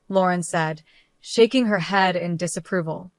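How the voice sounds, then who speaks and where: A woman's voice: medium pitch, normal speed, no echo. Woman narrating a dramatic story. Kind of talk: first-person story narration.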